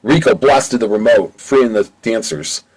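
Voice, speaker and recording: A man's voice: on the low side, measured pace, darkish tone, low-quality recording. A man narrating his own amateur audiobook in a plain, casual storytelling way. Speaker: audiobook reader. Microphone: home mic.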